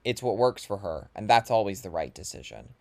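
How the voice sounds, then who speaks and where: A man's voice: fairly low pitch, sing-song, brisk, vocal fry. A man hosting a casual podcast, upbeat and bubbly, laughing often with his guest. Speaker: podcast host.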